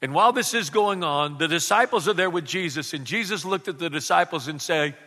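A male pastor preaching a lively sermon and calling for responses from the congregation. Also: on the high side, brisk, hardly any pauses, in a large hall.

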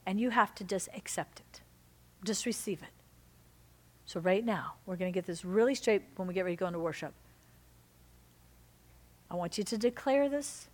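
A woman pastor preaching a sermon, swinging between loud exhortation and soft, intimate lines. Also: medium pitch, normal speed, long pauses.

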